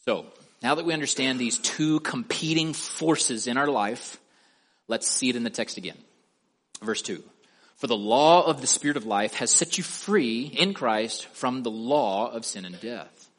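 Man preaching with slow, stressed endings. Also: medium pitch, animated, fairly bright tone. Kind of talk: sermon.

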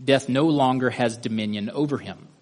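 A man's voice: medium pitch, normal speed, a little mellow. A man teaching a Bible study lesson, methodically guiding listeners step by step through a drawing.

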